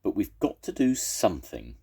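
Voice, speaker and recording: An older man plays a serious, decisive fox from a storybook, firm and urgent as he takes charge. The voice rises above the reader's own and sounds louder, with a husky edge. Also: low-pitched, wildly swooping pitch, moderate pace, pitched above the performer's own voice, full character voice.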